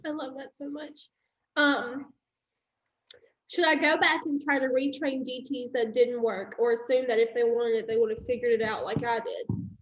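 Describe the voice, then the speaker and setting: High-pitched excitable woman on a video call. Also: moderate pace, echoey room, dull audio. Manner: excitable, laughing, loud pep talk. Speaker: team leader hosting a call. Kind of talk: casual team video call.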